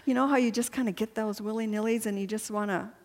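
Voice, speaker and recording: A woman's voice: fairly high pitch, fairly even intonation, fast, a little mellow. A woman giving a personal faith testimony to a women's gathering, chatty and earnest and laughing often. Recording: long hall reverb.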